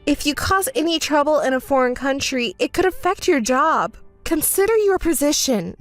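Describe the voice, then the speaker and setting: A woman's voice: high-pitched, animated, normal speed, soft background music. A woman voicing a hurt, indignant young bride in a text story, scolding and sarcastic. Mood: cold.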